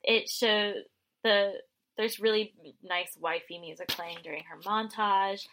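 A woman's voice: mid-range voice, steady tone, a little slow, bright, forceful tone, slight background noise, rough recording. A woman chatting casually as co-host, recapping and mocking a reality show, acting out quotes with sarcasm. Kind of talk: casual chat.

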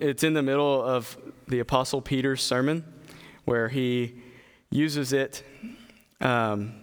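A man giving an earnest sermon, reading scripture aloud and speaking with halting restarts and fillers. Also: mid-range voice, big-room sound. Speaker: preacher.

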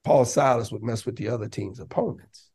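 A man talking casually as a podcast guest, telling lively stories and breaking into raised voices to act out what others said. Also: medium pitch, brisk, breathy edge. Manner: animated, laughing, acts out quotes in raised voice. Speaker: podcast guest, basketball coach. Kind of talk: casual storytelling.

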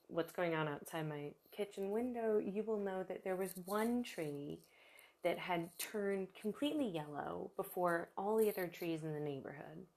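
A woman's voice: on the low side, darkish tone. A woman hosting her own podcast, chatting in a casual, rambling, self-deprecating way, tired after little sleep. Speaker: podcast host. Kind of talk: casual solo podcast chat.

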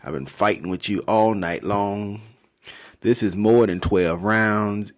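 A man's voice: on the low side, slow. A man voicing a tired, blunt male angel who has wrestled all night. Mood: weary.

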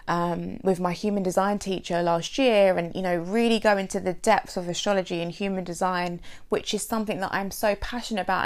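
A woman's voice: mid-range voice, gravelly. A woman hosting an unscripted solo podcast as a coach, talking in a heartfelt, emotional and rambling way with many fillers. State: sore throat lately.

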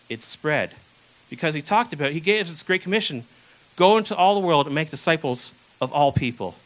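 A young man delivers a sermon in a relaxed, conversational way, slipping into the voices of the people in his stories. His voice sits high and sounds bright. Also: rough recording. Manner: casual, conversational preaching with acted-out quotes. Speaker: preacher.

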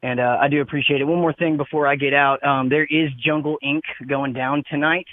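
A man's voice: a little high, fairly even intonation, a little fast, no room sound. A man calling into a radio show, laid-back and rambling, peppering his talk with "man". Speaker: caller. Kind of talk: prepared call-in speech. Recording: phone line.

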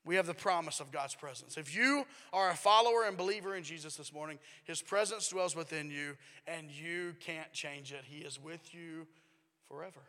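A man pastor preaching a sermon in a church, emphatic and dropping to a hush at times. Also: a little high, moderate pace, big-room sound. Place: church sanctuary.

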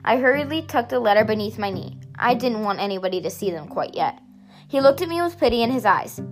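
A woman narrating a first-person story aloud in a steady, softly expressive reading. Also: a little high, quick pace, soft background music.

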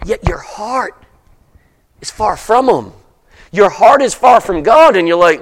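A man preaching a sermon in a church, emphatic and repetitive, building up to shouts. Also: sits high, animated, unhurried, long pauses. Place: church sanctuary.

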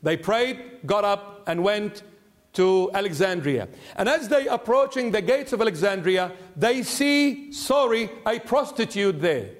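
A man preaching a sermon in church as a bishop, earnest and pleading, slowing down to stress his words. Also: high voice, animated. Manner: earnest, pleading, slows down for emphasis.

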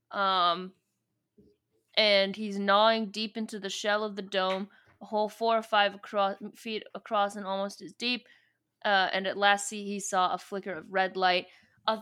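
Bright-voiced woman recapping a book. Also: mid-range voice, smooth. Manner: rambling, joking, retells scenes with quoted dialogue. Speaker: podcast co-host. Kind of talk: casual book recap and reading.

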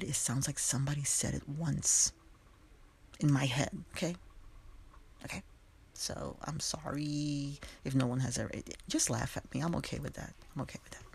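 A podcast host delivers a passionate solo commentary with a gravelly, husky voice. The talk is conversational, full of asides and direct appeals to the audience. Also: medium pitch. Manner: passionate and emphatic, talks directly to listeners.

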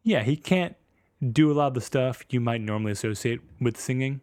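A man's voice: mid-range voice, animated, brisk, a little mellow, clean tone, no room sound. A man co-hosting a casual music podcast, talking in a wry, joking way. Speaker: podcast co-host.

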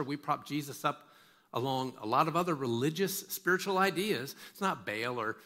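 This male pastor's medium-pitched voice sounds pushed and bright as he preaches emphatically. He repeats words for stress and puts questions directly to his listeners.

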